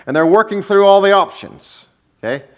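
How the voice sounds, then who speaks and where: A man preaching a sermon as pastor, animated and humorous, acting out the people in his story. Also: high voice, moderate pace. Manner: animated storytelling, acting out quotes with shifting voices; sarcastic, humorous asides.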